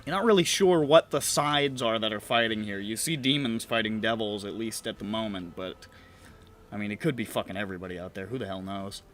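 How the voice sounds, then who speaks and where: A man's voice: on the low side, a little fast, a bit bright, slight background noise. A man narrating as game master in a casual, swearing, laughing manner.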